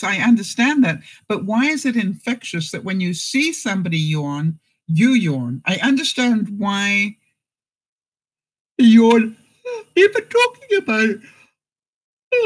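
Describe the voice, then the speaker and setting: A woman's voice: mid-range voice, slightly rough, poor audio. A woman hosting a casual live stream, reading out jokes and viewer comments and laughing often.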